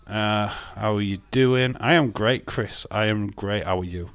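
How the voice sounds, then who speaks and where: A man's voice: on the low side, measured pace, fairly bright tone, smooth, dry recording. A man hosting a live stream, chatting casually, reading out chat messages and teasing viewers with frequent laughs. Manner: jokey, teasing, laughs often.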